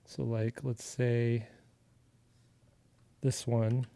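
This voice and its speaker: Mellow, easygoing man teaching digital coloring. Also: medium pitch, drawn-out words, vocal fry, no echo. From Arizona, USA. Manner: relaxed and chatty, with filler words and restarts, talking while he works. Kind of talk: casual live drawing tutorial.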